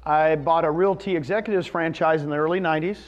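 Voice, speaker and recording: A man's voice: fairly high pitch, steady tone, fast talker. A man in his fifties giving a presentation to a live audience, telling a personal story and asking the room questions. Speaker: real estate presenter. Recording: dull lo-fi recording.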